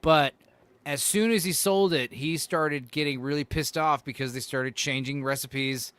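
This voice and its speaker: A man's voice: on the high side, measured pace, fairly bright tone, clean tone, no room sound. A man co-hosting a casual podcast chat, rambling and swearing, full of "like" and "you know". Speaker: podcast co-host.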